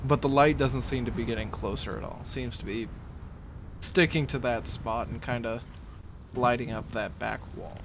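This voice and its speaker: A man's voice: medium pitch, moderate pace, noisy background. A man running a tabletop game as game master, narrating scenes in a matter-of-fact way.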